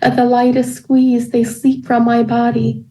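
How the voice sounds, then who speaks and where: A woman reading a passage aloud and then moderating a panel in a measured, formal way. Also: on the high side, completely flat delivery, warm tone, far from the mic, rough recording.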